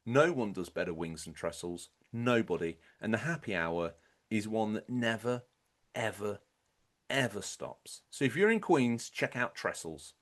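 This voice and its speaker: English male podcast co-host, lively swooping voice, playful fake-ad reads. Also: on the low side, a little slow. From England. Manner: playful, mock-announcer reads with sudden loud bursts. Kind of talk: comedic podcast banter.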